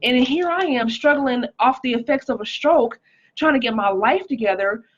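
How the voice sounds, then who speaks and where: Speaking at a moderate pace in a slightly high voice, a life coach who is pregnant and recovering from a stroke shares an emotional, earnest testimony on a live stream. She reads out viewer comments, and the sound is lo-fi.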